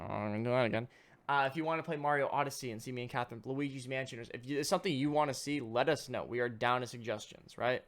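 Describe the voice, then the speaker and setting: Young male podcast co-host, casual and profane, animated storyteller. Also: medium pitch. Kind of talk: casual chat.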